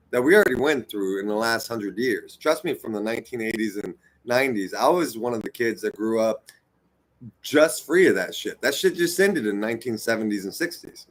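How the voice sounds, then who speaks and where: A man in his forties giving an unscripted, heated and profane rant, rambling and preachy as he lectures his viewers. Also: lowish voice. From United States. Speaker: vlogger.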